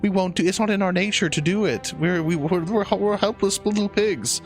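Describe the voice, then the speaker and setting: A man's voice: fairly quick, soft background music. A man voicing a group of meek, hospitable little pigs in a comic spoken story. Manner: high, sweet and apologetic. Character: meek hospitable little pigs who run a coffee shop.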